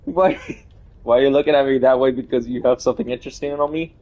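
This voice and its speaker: A man's voice: medium pitch, fairly even intonation, quick pace, muffled recording, close to an everyday voice. A man voicing a male ink creature who drinks beer and keeps asking why he is being stared at, in improvised game role-play. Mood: suspicious. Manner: repeats questions, suspicious.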